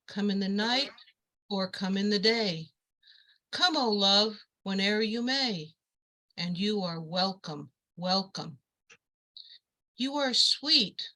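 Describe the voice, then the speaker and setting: A woman reading a romantic poem in a tender, lyrical way, letting line ends fall soft. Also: mid-range voice, poor audio. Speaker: poetry reader. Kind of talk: slow lyrical poetry reading.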